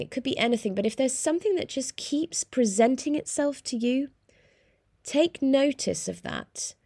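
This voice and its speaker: A young woman hosting a solo podcast, chatting in an animated way and laughing often, talking from a small room. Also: medium pitch, gravelly, no room sound, clean studio sound. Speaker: podcast host. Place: small room in hospital accommodation.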